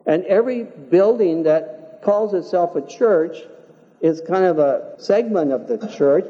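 An older man preaching a sermon in a church, talking in an earnest, measured way and telling folksy stories. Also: high-pitched, warm tone. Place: church sanctuary. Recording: dull, reverberant church hall.

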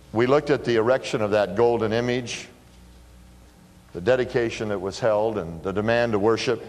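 A middle-aged man preaching a sermon, telling stories with lively bursts of emphasis. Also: medium pitch. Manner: animated storytelling, bursts of emphasis. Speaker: pastor. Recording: long hall reverb.

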